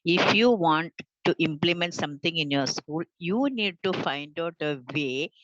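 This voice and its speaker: An earnest woman talks over a video call, halting and full of fillers. Her voice sits fairly low, and the sound is dull and lo-fi from a dry, close mic. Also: lively intonation, fairly bright tone, no room sound. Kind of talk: unscripted panel talk.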